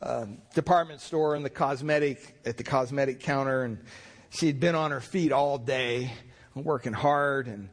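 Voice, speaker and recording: A man's voice: medium pitch, moderate pace. Folksy storytelling pastor, a man. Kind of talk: sermon.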